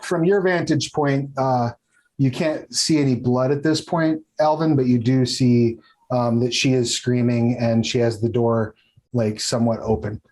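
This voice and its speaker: A man's voice: medium pitch, fairly even intonation, measured pace, a little mellow, low-quality recording. A man narrating as game master of a tabletop game, with a rambling, filler-heavy delivery. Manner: rambling, many fillers and restarts.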